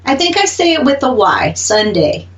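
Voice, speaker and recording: A woman's voice: high-pitched, sing-song, brisk, far from the mic, a crowd in the background. A woman with an Oklahoma accent co-hosting a radio show, chatting casually and laughing often. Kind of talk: casual chat.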